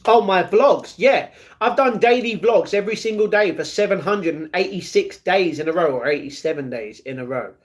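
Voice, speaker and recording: A man's voice: high-pitched, normal speed. A young British man chatting casually on a live stream, answering viewers by name and laughing often. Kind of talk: casual live-stream chat, reading chat messages.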